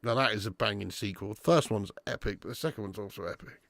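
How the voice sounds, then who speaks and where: Gravelly, sweary fan host. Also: male voice, fairly low pitch, fast, dry recording, clean studio sound. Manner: sweary, bantering, excitable. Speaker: host of a football fan watch-along. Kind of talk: live match commentary and chat.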